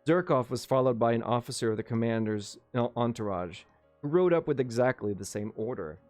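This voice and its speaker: A man's voice: mid-range voice, expressive, fairly quick, a little mellow, no echo, faint music behind. A man reading a novel aloud on a livestream, with casual asides and small restarts. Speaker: livestream book reader.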